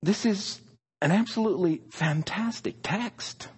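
A male preacher delivering a sermon at an unhurried pace, his voice husky and slightly raised in pitch. He leans hard on single words and swings his intonation widely. The sound carries a long reverb, as in a large hall. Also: a little mellow. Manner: emphatic, stresses single words.

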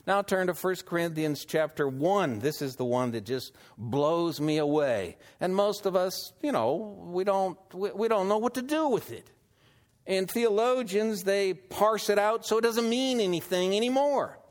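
A man preaching a sermon and reading scripture, unhurried, asking his listeners rhetorical questions. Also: high-pitched. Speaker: pastor.

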